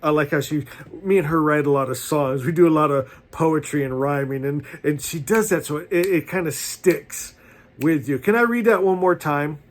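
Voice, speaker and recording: A man's voice: fairly high pitch, moderate pace. A man teaching as a spiritual leader, reading passages aloud and preaching to his followers in a fervent, exhorting way. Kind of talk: inspirational sermon reading aloud.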